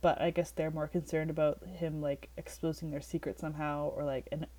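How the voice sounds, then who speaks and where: A woman with a somewhat low voice co-hosts a casual book-discussion podcast. She talks in a loose, chatty way, leaning on "like" and stopping to read passages aloud. She sounds like she is on a remote call with her co-host. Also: flat delivery, a little fast, warm tone. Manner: chatty, heavy use of "like", reads passages aloud.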